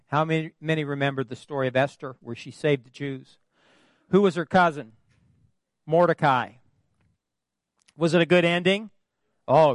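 Heard with no echo, a pastor with a slightly high voice delivers a sermon from a church pulpit. He leads call-and-response with the congregation, mixing in folksy humor.

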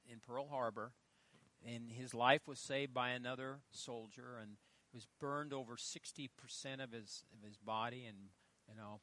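A middle-aged male pastor preaching a sermon, telling stories with loud emphatic lines and quiet asides. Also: medium pitch. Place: church.

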